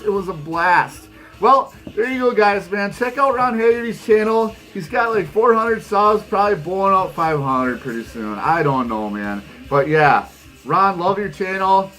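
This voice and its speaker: A man's voice: high voice, expressive, moderate pace, a bit bright, low-quality recording. A middle-aged man, rambling emphatically as he hosts a vinyl channel, laughing often. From Wisconsin, USA. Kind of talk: casual vlog chat to camera.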